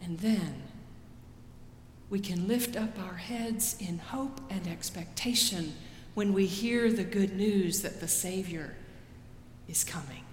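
A woman pastor preaching a sermon in a slow, deliberate way, rising for quoted pleas and dropping soft after them. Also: mid-range voice, slight background noise. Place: church sanctuary. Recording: roomy church with long reverb.

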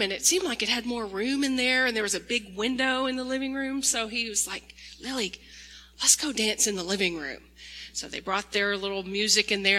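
Woman pastor, gentle children's storyteller, very bright tone, long church reverb. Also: mid-range voice. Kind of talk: children's sermon. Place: large church sanctuary. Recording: echoey church hall.

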